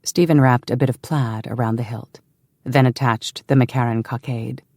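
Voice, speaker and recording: Gravelly male audiobook narrator. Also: mid-range voice, steady tone, moderate pace, darkish tone, dry recording, clean studio sound. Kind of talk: scripted narration.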